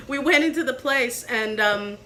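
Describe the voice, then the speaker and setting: A woman vlogger telling a story in casual chat, animated and laughing as she acts out the people she met. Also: fairly high pitch, unhurried.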